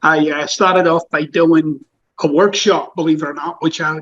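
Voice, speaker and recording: A man's voice: on the high side, steady tone, normal speed, fairly bright tone, highs cut off. A Scottish man guest, an author and coach, telling his story bluntly and casually, with some swearing. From Scotland. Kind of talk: relaxed interview storytelling.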